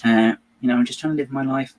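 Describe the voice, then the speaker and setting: A man parodying a feisty young woman who boasts about being independent, in a sing-song falsetto. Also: fairly even intonation, fast, slight background noise, natural voice, low-quality recording. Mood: mock-sassy.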